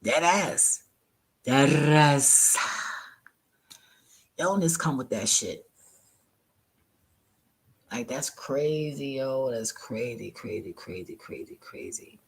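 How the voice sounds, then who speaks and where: A woman's voice: extremely low pitch, lively intonation, slow pace, creaky, pauses often, breathy edge. A woman vlogger casually retelling a story to her viewers, profane and exasperated, often laughing.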